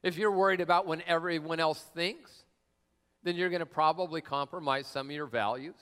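A man's voice: fairly high pitch, fairly even intonation, normal speed, a bit bright, clean tone. A middle-aged man preaching a sermon as pastor, telling stories in a loose, joking, conversational way. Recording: long reverb of a large hall.

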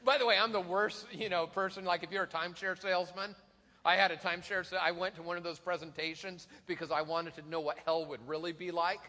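A man's voice: sits high, fairly even intonation, quick pace, bright, forceful tone. A man in his forties, a pastor, telling funny self-deprecating stories in an Easter sermon, often laughing. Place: large church hall. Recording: long hall reverb.

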